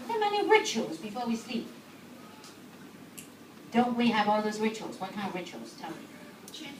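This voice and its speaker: A woman talking to a live audience, asking them questions and laughing often. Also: a little high. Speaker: speaker. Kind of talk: lively talk to an audience. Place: hall. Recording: echoey hall recorded from far off, background noise.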